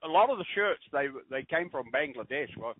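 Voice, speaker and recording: A middle-aged man from New Zealand telling rambling family stories in casual chat, with halting restarts. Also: a little high, lively intonation, slight background noise. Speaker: podcast guest. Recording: tinny phone-line audio.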